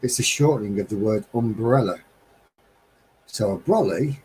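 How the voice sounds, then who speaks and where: A man's voice: medium pitch, normal speed, darkish tone, breathy edge, poor audio. A man hosting a casual live stream chat, rambling cheerfully, laughing and breaking into snatches of song. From England.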